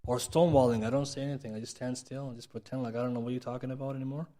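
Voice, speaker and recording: Fast-talking man teaching a class. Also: mid-range voice, steady tone, warm tone. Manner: conversational, asks the audience "right?" often, acts out quoted speech. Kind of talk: recorded mosque class lecture. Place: mosque.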